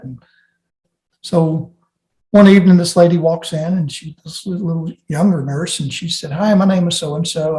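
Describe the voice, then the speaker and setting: A plane crash survivor appears as an interview guest, a man with a fairly high, darkish voice giving an earnest personal testimony. He tells his story sincerely but keeps restarting his sentences, and the recording has a roomy echo.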